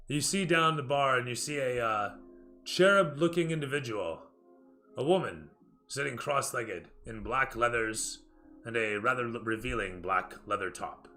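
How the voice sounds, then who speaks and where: Bright-voiced male dungeon master narrating. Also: medium pitch. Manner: descriptive, cinematic narration in second person. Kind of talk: narrating a tabletop game.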